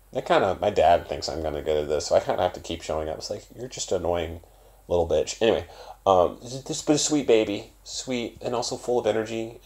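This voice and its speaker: A young man talks straight to camera in a loose, rambling vlog, swearing freely. His voice sits very low with a gravelly fry, and he swings between loud bursts and mumbled asides. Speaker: vlogger. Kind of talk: casual rambling monologue.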